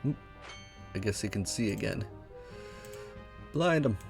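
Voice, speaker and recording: A man's voice: fairly low pitch, animated, measured pace, vocal fry, over music. A man giving casual, self-deprecating gameplay commentary with mumbled asides while playing. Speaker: let's play gamer.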